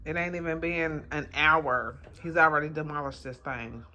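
A woman's voice: deep voice, steady tone, normal speed, hardly any pauses, bright, forceful tone. A woman vlogging at home, playfully scolding her dog in a casual, colloquial way with bursts of baby talk. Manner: informal, colloquial grammar. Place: home, indoors.

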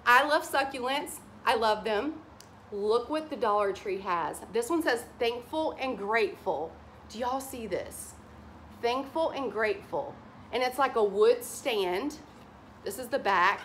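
A woman with a drawl shows off her shopping haul in a casual chat to camera. Her voice sits a bit high, and she gushes over every item in a giddy, excitable rush. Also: a little slow, slight background noise. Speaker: haul vlogger.

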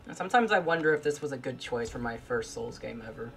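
A gamer giving let's play commentary, swearing often, grumbling low and then breaking into frustrated yells at the game. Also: animated, quick pace, vocal fry, few pauses, husky. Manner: profane, frustrated, bursts into yells. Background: game music.

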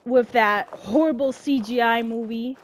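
Slow-talking, panicky swearing woman gamer. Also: fairly high pitch. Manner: swearing, panicky, shrieking in alarm. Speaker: gameplay streamer. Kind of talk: casual gameplay commentary.

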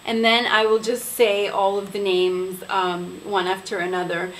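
A woman's voice: mid-range voice, level tone, a bit bright, slight background noise, poor audio. A young woman from Quebec chatting casually to camera as a beauty vlogger, pronouncing names carefully and elegantly. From Quebec, Canada. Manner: unhurried, careful, elegant pronunciation. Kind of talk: casual vlog talk to camera.

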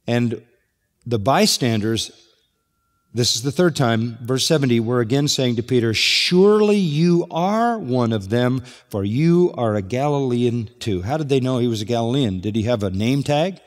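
Long hall reverb surrounds this pastor's mid-range, darkish voice as he preaches at a moderate pace. He takes the passage one verse at a time, using rhetorical questions.

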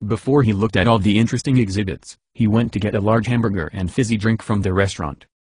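A man reading a silly bedtime story in an even, deadpan way. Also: fairly low pitch, fast talker, husky, no echo.

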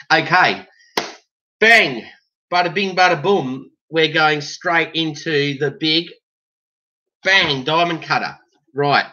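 A man's voice: a little high, pushed and bright. A man with an Australian accent hosting a casual band vlog, jokey and exaggerated, full of slang. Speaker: band member vlogger. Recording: dull lo-fi sound.

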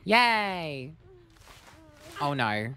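A woman's voice: low-pitched, sing-song, drawn-out words, sharp tone, slight background noise. A woman streamer giving playful, jokey commentary as she plays a game, with sing-song bits. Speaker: gaming streamer. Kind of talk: casual gameplay commentary.

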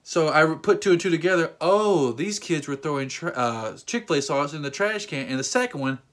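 In a casual vlog, a man in his thirties with a slightly high voice tells a story fairly quickly. He's animated, jokes and rants, and acts out different voices.

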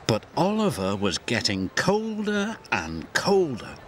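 A man giving scripted storybook narration for a cartoon, expressive and gently paced. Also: mid-range voice, slow pace, slight background noise. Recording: music score behind.

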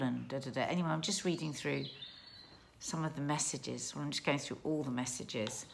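Chatty low-voiced woman. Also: a little fast, creaky, slight background noise. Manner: chatty, emotional, thinks aloud with restarts. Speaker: vlogger. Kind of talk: casual family vlog chat. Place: garden outdoors.

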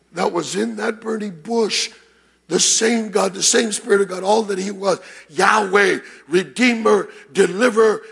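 High, gravelly preaching pastor, man. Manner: shouts and repeats phrases, calls to congregation. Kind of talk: sermon. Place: church sanctuary.

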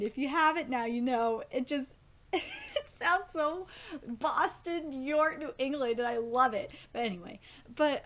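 A woman hosting a live reaction video, reading comic dialogue aloud between excited, gushing comments and casual swearing. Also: sits high, a little slow. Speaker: manga reaction host.

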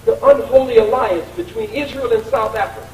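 High-voiced man giving a fiery hall speech. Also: fairly quick, a little mellow, a little hiss or hum. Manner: combative, taunting, preacher-like cadence. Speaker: speaker at a college event. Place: large college lecture hall. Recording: echoey hall recording from far off.

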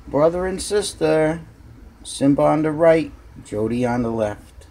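A man's voice: fairly high pitch, expressive, a little slow, dark tone. A man chatting to his pet cats at home by a window, cooing baby talk at them. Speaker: cat owner filming his pets. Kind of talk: casual chat to his cats.

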